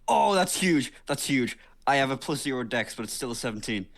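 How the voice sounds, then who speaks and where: A man playing a tabletop game, excitable and profane, cheering on his dice rolls. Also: medium pitch, brisk, vocal fry. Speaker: player. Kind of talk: casual tabletop play.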